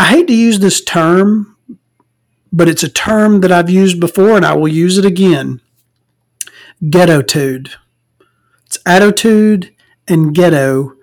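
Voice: mid-range voice, takes it slowly, long pauses. Profane podcast host. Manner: profane, rambling, frequent fillers. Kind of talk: casual ranting monologue.

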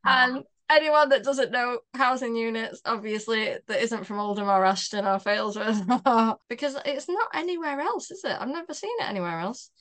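A woman's voice: fairly high pitch, moderate pace, few pauses, a bit bright. A young woman, a podcast co-host telling stories in casual chat and laughing often as she talks. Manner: chatty storyteller, laughs often while talking.

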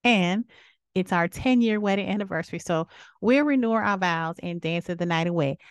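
A woman's voice: brisk, clear, resonant tone, no echo. Sassy outspoken woman podcast host. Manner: sassy, outspoken, preachy asides; big swings between low murmurs and high exclamations. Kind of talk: casual opinion commentary.

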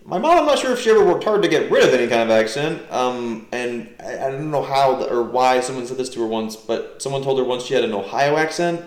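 A man's voice: medium pitch, fast talker, hardly any pauses. Young guy from jersey rambling, like like like, echoey room. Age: young adult. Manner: rambling, heavy "like" fillers, animated. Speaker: guest. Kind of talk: casual podcast chat. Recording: roomy echo.

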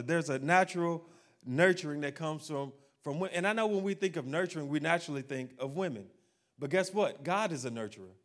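Lively, higher-voiced man preaching. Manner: animated and humorous, addressing the congregation. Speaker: pastor. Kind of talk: sermon.

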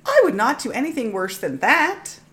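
Lively, playful woman podcaster. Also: sits high, normal speed. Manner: playful, laughing, teasing. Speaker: podcast co-host. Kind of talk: casual chat.

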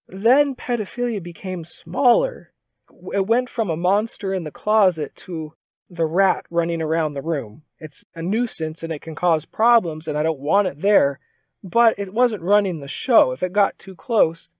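A man's voice: high voice, a little mellow, no room sound. A man co-hosting a podcast, talking earnestly and reflectively in a testimony-like way and quoting scripture as he goes. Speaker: podcast co-host. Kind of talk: reflective faith discussion.

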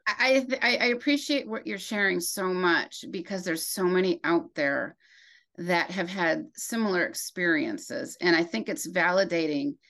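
A woman's voice: lowish voice, fairly bright tone. A woman hosting an interview, speaking in an affirming, encouraging way. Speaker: interview host. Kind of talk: casual interview.

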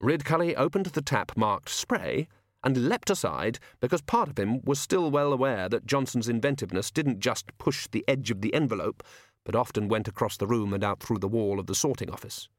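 A man narrating a comic fantasy audiobook in a wry, expressive storytelling manner. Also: medium pitch, moderate pace, no room sound, clean studio sound. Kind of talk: scripted narration.

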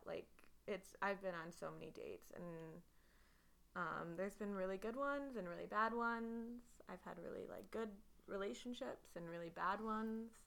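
A woman's voice: mid-range voice, creaky, bright, forceful tone. A woman with a lisp, co-hosting a casual podcast chat and telling dating stories with lots of fillers. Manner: chatty storytelling with many fillers. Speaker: podcast co-host.

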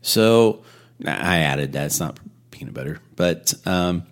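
A man teaches scripture in a relaxed, chatty sermon style. He retells the story with offhand asides and quick self-corrections. His voice sits on the low side. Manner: casual, storytelling with asides and restarts. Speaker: Bible teacher.

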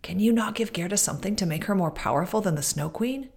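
A woman's voice: medium pitch, animated, quick pace, vocal fry, darkish tone. A woman voicing a loyal, kindly male reindeer in a storybook reading, earnest and polite. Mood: pleading.

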